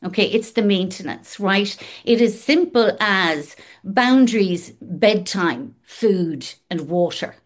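A woman's voice: mid-range voice, animated, takes it slowly, hardly any pauses. Frank, emphatic woman. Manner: emphatic, frank, swears casually, lists in rhythmic runs. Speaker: guest in recovery. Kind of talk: candid conversational chat.

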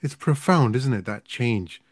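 A man's voice: medium pitch, lively intonation, measured pace, no echo, clean studio sound. A man hosting an interview, speaking reflectively and repeating words as he thinks. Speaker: interview host. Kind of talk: interview chat.

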